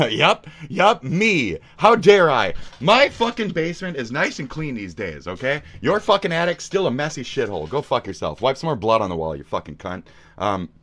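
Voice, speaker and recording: A man's voice: medium pitch, big pitch swings, normal speed. Angry cursing streamer man. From United States. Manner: profane, insulting, often yelling. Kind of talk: angry reaction rant.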